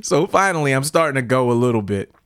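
A man casually telling a story, animated, laughing often and talking in loose slang. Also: medium pitch, fast talker, smooth, no room sound, studio quality.

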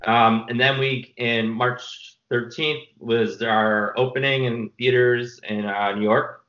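Bright-voiced man telling rambling stories. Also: medium pitch, slow, dull audio. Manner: rambling, animated storyteller with fillers. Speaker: filmmaker guest. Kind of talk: casual interview storytelling.

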